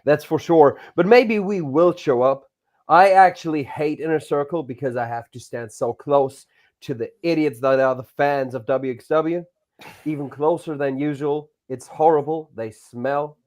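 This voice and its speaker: A man's voice: on the high side, unhurried, darkish tone. Smug sneering man cutting a promo. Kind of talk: arrogant heel promo. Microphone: video call.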